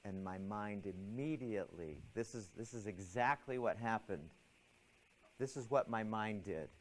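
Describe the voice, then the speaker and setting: Animated man telling a story. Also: lowish voice, moderate pace, a little hiss or hum, rough recording. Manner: animated, acts out his own anxious thoughts and a calm inner voice. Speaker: lecturer. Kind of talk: classroom storytelling lecture.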